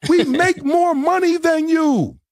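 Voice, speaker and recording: Loud, boastful podcast man. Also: very high-pitched, takes it slowly, no echo, clean studio sound. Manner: loud, taunting, laughing. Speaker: podcast host. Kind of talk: boastful rant.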